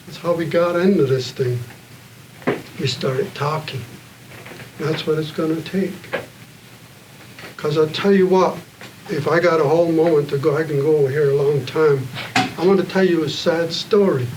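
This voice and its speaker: A man telling stories at a community panel evening, earnest and plain-spoken, pausing often. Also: on the high side. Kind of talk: heartfelt public storytelling. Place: gathering room with an audience. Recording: distant mic, faint room noise.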